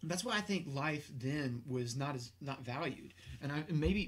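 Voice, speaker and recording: A man's voice: mid-range voice, unhurried. A man co-hosting a podcast in casual chat, laid-back, with folksy exclamations. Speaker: podcast co-host.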